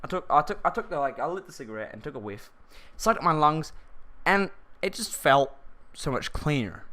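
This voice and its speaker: A man's voice: fairly high pitch, expressive, normal speed, bright, forceful tone. A man telling a personal story for his vlog in a rambling, slangy way, restarting his sentences often.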